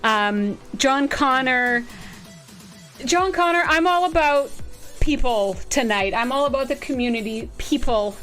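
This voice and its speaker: Bubbly high-voiced woman streamer. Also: unhurried, faint music behind. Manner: bubbly, excitable, greets viewers by name. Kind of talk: casual live-stream chat.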